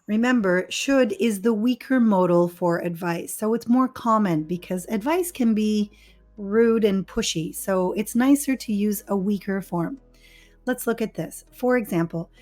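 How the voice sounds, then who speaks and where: A woman English teacher giving a scripted grammar lesson, explaining patiently and clearly and stressing the key words. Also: medium pitch, a little slow, darkish tone, faint music behind.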